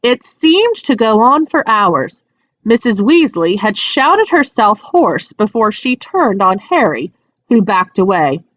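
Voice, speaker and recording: A woman reading a children's fantasy book aloud as narrator, with an expressive, lilting delivery. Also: on the high side, slow, a little hiss or hum. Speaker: audiobook reader. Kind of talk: storybook read-aloud narration. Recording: dry, dull lo-fi sound.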